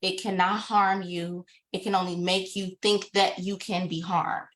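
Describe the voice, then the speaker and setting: Woman, young adult, from Chicago, yoga teacher, live-stream chat, slightly low-pitched, informal and chatty. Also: level tone, a little slow, a bit bright. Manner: chatty and informal, addresses viewers as "y'all". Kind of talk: casual live-stream talk.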